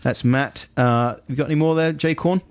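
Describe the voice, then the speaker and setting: A man's voice: on the high side, moderate pace, smooth, no echo. A man co-hosting a radio show, reading listener emails aloud with playful banter. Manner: playful, breaks into laughter, mimics quoted people. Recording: dry radio studio.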